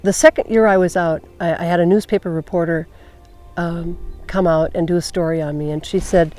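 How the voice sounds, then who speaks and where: A woman's voice: fairly low pitch, steady tone, brisk, mellow, soft background music. An older woman reflecting in a documentary interview, thoughtful and searching for her words. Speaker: long-distance horseback rider.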